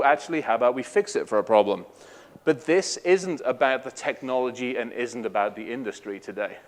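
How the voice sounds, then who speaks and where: A middle-aged Welsh man giving a casual, irreverent conference talk, joking and swearing freely. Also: mid-range voice. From Wales. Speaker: conference speaker.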